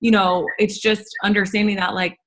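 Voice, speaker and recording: Woman host, mid-pitched, easygoing and filler-heavy questions. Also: moderate pace. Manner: relaxed, rambling questions with fillers. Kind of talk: casual interview chat.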